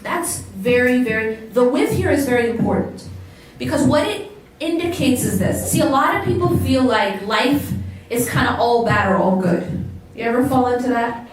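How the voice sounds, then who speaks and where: A woman's voice: on the high side, lively intonation, moderate pace, slight background noise. American woman lecturing in an echoey hall. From United States. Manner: questions the audience, repeats words for emphasis. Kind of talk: motivational religious lecture to a live audience. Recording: very echoey hall, distant mic.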